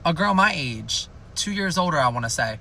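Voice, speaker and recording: A man's voice: a little high, animated, normal speed, creaky, sharp tone, slight background noise. A young man telling a rambling, jokey storytime in a chatty way. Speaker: storytime youtuber. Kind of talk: casual storytime.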